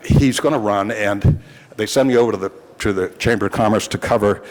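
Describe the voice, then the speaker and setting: A veteran reporter in his sixties, lowish-voiced and brisk, entertains a city council with wandering, wry anecdotes full of false starts. The large chamber gives a big-room sound.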